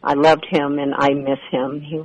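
Radio guest, female, husky, casual and conversational. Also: sits low, flat delivery, normal speed, darkish tone, low-quality recording. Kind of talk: casual interview.

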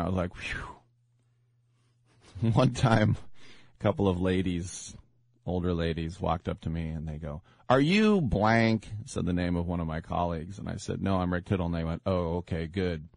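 A man hosts a sports radio show, casually telling stories and acting out the voices of people he quotes. His voice is deep with a darkish tone, and there is no room sound.

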